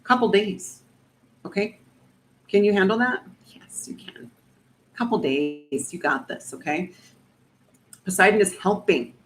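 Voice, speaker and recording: A woman's voice: medium pitch, animated, unhurried, pauses often, slight background noise, poor audio. A woman giving a casual spiritual reading straight to her viewers, chatty and reassuring, often checking in with "okay?" and swearing casually. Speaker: oracle card reader.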